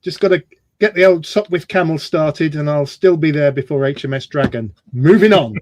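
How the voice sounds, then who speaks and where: A man's voice: a little high, normal speed, a little mellow. A man hosting a casual live model-building stream, joking and reading out chat comments. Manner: chatty, jokey, reads chat comments aloud.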